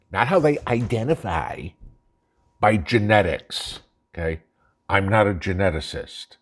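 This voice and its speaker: A man's voice: deep voice, slightly rough. A man hosting his own channel, delivering an angry, profane political rant, blunt and mocking. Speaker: channel host. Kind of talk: ranting political monologue.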